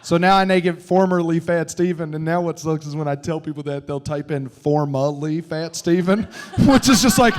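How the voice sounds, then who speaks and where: A man telling loud, profane, laughing stories on a comedy club stage into a handheld mic. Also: fairly high pitch, normal speed, hardly any pauses, a little hiss or hum. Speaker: comedian and teacher. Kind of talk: live comedy Q&A storytelling.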